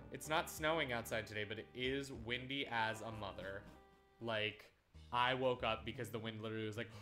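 A man's voice: fairly low pitch, pushed and bright. A man casually commenting on a video game as he plays, sarcastic, often repeating words in exasperation. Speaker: let's play host.

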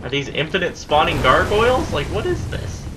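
A man's voice: a little high, wildly swooping pitch, moderate pace, background noise. A man giving live gameplay commentary, exasperated and profane, talking back at enemies as he plays. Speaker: let's play gamer.

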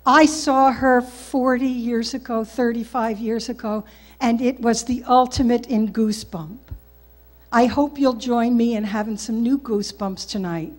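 A woman introducing a performer at an event in a measured, admiring way. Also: a little high, fairly even intonation.

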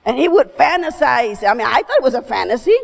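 A middle-aged woman with a high voice delivers a motivational keynote from a stage. She tells her story emphatically and slips Spanish phrases into her English. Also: sing-song, quick pace, vocal fry, low-quality recording. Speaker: keynote speaker. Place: stage before an audience.

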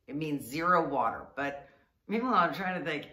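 A woman vlogger telling a funny story to camera in a chatty, animated way, often laughing and stretching out words. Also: low-pitched, fairly quick. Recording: roomy sound, mic at a distance.

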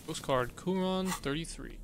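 A man's voice: fairly high pitch, unhurried, noisy background. A male streamer casually reading game text aloud and making wry asides while playing. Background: game music.

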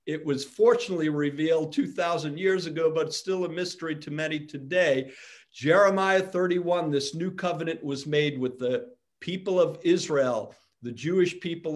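A man speaking as a rabbi, inviting listeners in and explaining scripture in a live discussion. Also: a little high. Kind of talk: Bible teaching discussion.

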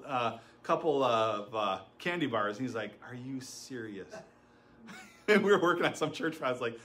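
A man's voice: on the high side, a bit bright. A middle-aged man preaching a sermon as pastor, telling stories with laughs and acting out quotes.

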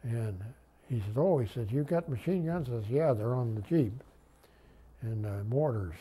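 Older veteran, mellow husky voice. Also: male voice, lowish voice, measured pace. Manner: rambling, folksy, many restarts. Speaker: WWII veteran interviewee. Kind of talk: oral history storytelling.

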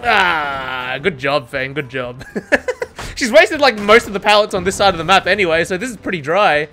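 Excitable swearing gamer, lively voice. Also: medium pitch, moderate pace, slight background noise. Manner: excitable, swears a lot, laughs often. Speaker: gamer streaming a match. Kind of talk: live gameplay commentary.

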